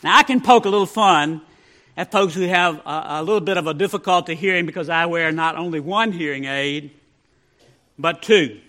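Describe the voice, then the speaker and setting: A male pastor preaching a sermon, telling folksy humorous stories and dropping to a hush for the punchlines. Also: fairly high pitch, normal speed.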